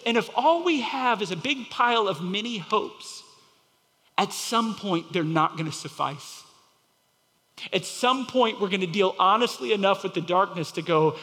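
A man with a fairly high voice preaches an earnest sermon in a church sanctuary. He builds to emphatic peaks, then drops low and slows down on scripture. A long hall reverb trails behind each phrase. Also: lively intonation, fairly bright tone. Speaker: pastor.

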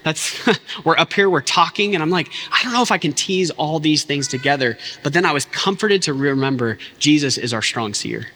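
A man's voice: a little high, expressive, moderate pace, sharp tone, in a large hall. A man, preaching a sermon in an impassioned, conversational way, full of casual asides. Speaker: pastor.

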